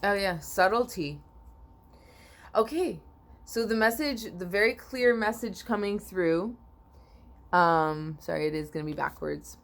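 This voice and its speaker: A woman with a mid-range, animated voice, a little slow and pausing often, gives viewers a spiritual oracle card reading. She's sleepy and yawning, rambling with repeats and restarts and frequently clearing her throat.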